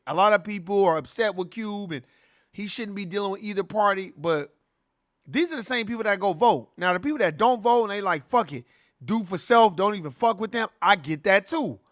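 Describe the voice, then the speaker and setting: A man hosting an online show, giving animated, profane commentary with a sing-song delivery. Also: high voice, no room sound, clean studio sound. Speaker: host. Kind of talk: profane commentary on video clips.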